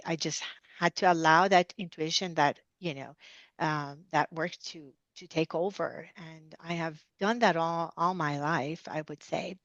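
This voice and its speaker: A middle-aged woman, a dentist guest on an interview podcast, telling her stories in an animated way, with many asides. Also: low-pitched, dry recording. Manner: animated storyteller, many "you know" asides. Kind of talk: conversational storytelling interview. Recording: dull lo-fi dry sound.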